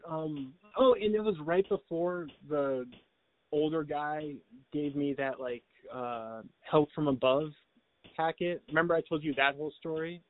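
A man's voice: on the high side, a little slow. Rambling man on a tinny line. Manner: rambling storyteller, lots of likes and restarts, laughs often. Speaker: podcast co-host. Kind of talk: casual chat.

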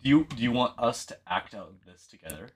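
A man co-hosting a podcast, chatting casually and telling stories in an animated, playful way. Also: medium pitch, brisk, slightly rough. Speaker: podcast co-host. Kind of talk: casual chat and storytelling.

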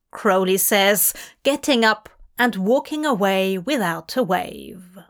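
Slow, measured woman reading fanfiction. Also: mid-range voice, animated, fairly bright tone. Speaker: fanfiction reader.

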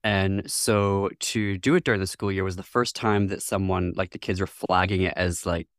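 A deep-voiced man from Northwest Lower Michigan, US, is a guest in a reflective interview, speaking at a moderate pace with fairly even intonation. He's thoughtful, laughs often, and acts out other people's words. The studio sound is clean, with no room sound.

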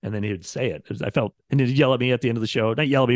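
Racing along with few pauses, a man with a mid-range voice chats casually on a podcast as a radio producer. He tells rambling stories and acts out his subjects' quotes, and the recording is studio quality with no room sound.

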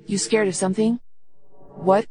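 A woman's voice: mid-range voice, steady tone, moderate pace, dark tone, slight background noise, natural voice. A woman voicing a young woman lover who talks in a mocking, provoking way.

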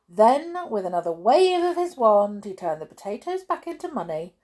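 A woman reading a children's storybook aloud with expressive, swooping emphasis. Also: on the low side, breathy edge.

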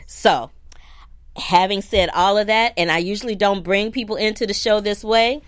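A woman's voice: mid-range voice, moderate pace, dry recording, studio quality. A woman hosting a film review show, talking chatty and casual with slang like "y'all" and "girl". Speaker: film critic host.

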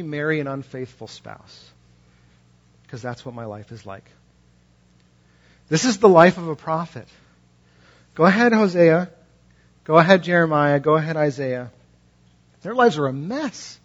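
A male preacher with a fairly high voice delivers a passionate sermon, swinging between loud emphasis and quiet, hushed points. He drives his ideas home through repetition and storytelling. The recording is dull and lo-fi. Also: animated, moderate pace. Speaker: pastor.

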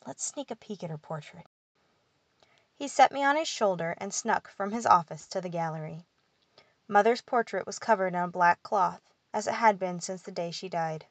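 A woman reading a first-person fantasy audiobook in a measured, steady way. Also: mid-range voice, no room sound. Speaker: audiobook narrator.

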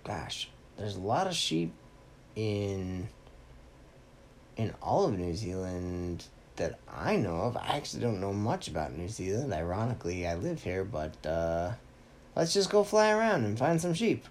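A man's voice: fairly low pitch, big pitch swings, a little slow, a little mellow, a little hiss or hum. A man doing Captain America, mild and earnest. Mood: musing. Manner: mild, hesitant, encouraging. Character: earnest male superhero leader, calm and practical.

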